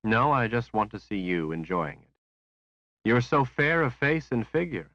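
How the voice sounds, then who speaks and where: A man voicing a calm, calculating man who speaks in quiet, measured tones. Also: mid-range voice, dry recording, highs cut off, voice pushed up, full character voice.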